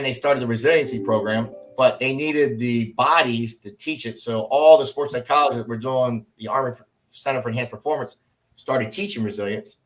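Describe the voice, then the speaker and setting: A middle-aged man, a former Army officer, telling stories in a casual podcast interview and acting out the people he quotes. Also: mid-range voice. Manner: animated storyteller, acts out quoted voices.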